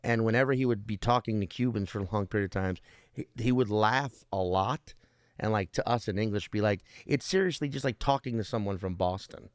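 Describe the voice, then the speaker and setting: Rambling low-voiced man chatting casually. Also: a little fast, no echo, studio quality. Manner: rambling, searching for words with many fillers and restarts; profane, joking. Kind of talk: casual conversation.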